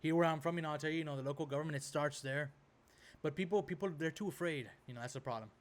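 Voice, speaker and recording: Host of a reaction video, a man with a slightly high voice who rambles in a loose rant full of "right?" and "bro". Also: very fast. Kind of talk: casual ranting commentary.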